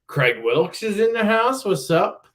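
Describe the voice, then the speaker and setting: A man's voice: high-pitched, very animated, a little slow, a bit bright. A man hosting a casual live stream from a sparse room at home, greeting chatters by name in a loose, swearing way. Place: home room being moved into.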